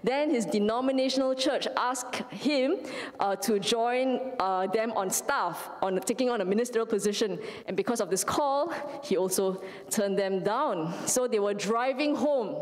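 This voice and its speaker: Woman lay preacher, slightly high voice, conversational sermon with tag questions, long church-hall reverb. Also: moderate pace, hardly any pauses. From Singapore. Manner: storytelling with frequent "right?" and "you know". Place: church sanctuary.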